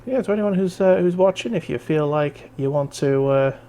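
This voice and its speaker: A man's voice: on the high side, normal speed, warm tone. A man hosting a casual hobby stream, rambling and easygoing as he chats. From North East England. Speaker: stream host. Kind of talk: casual chat. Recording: faint background noise.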